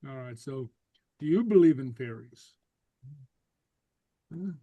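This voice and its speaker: A man teaching a Gaelic class over a video call, relaxed and full of fillers and repeated okays. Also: medium pitch, slow, no room sound, narrow, tinny audio.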